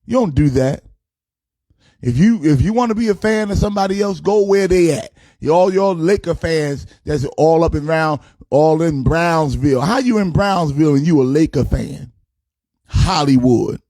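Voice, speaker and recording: Preachy New man, warm voice. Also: fairly high pitch, normal speed, dry recording. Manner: preachy, boastful, playful with sing-song cadences. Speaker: pastor. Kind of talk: comic sermon-style sports rant.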